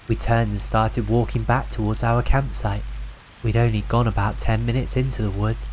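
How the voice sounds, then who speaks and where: A man narrating a scripted horror story in an even, measured way. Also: mid-range voice, a little hiss or hum, rough recording. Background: faint rain.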